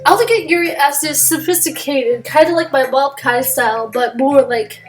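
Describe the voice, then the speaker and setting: A woman's voice: high voice, normal speed, distant mic, faint music behind. A woman chatting casually while playing a game, rambling and giggling with lots of fillers. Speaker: game player. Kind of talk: casual let's-play commentary.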